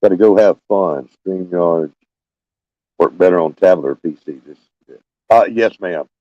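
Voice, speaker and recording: Older homestead host, scratchy and low, unhurried folksy live-stream chat, dull phone sound. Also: male voice, dry recording. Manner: halting, folksy, many fillers and restarts. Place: small room with fans running.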